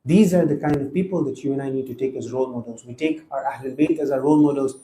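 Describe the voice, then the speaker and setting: A man's voice: mid-range voice, fast talker, mellow, reverberant, low-quality recording. A man giving an earnest Muharram sermon, telling stories and acting out the dialogue in them. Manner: earnest preaching, acts out quoted dialogue. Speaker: speaker at a Muharram majlis. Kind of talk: sermon storytelling. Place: mosque or hall gathering.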